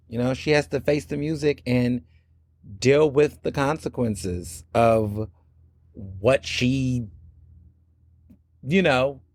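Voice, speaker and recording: A man hosting a podcast, recapping a reality show in casual, animated commentary and slipping into the voices of the people he quotes. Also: on the high side, no room sound, clean studio sound. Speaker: podcast host.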